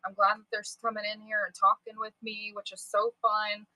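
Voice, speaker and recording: A woman's voice: mid-range voice, completely flat delivery, fairly quick, bright, forceful tone, dry recording, low-quality recording. A young woman chatting casually and candidly as a livestream seller, swearing and wandering off topic.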